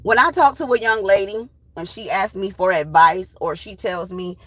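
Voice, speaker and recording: A woman in her thirties, a tarot channel host, telling a personal story in a blunt, profane, animated way. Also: mid-range voice, a little fast, few pauses, poor audio. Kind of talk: casual storytime.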